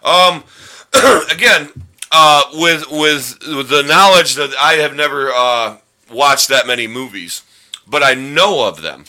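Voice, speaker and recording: A man's voice: a little high, takes it slowly, pushed and bright. A man hosting a casual podcast chat, rambling and joking, often stumbling over his words. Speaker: podcast host.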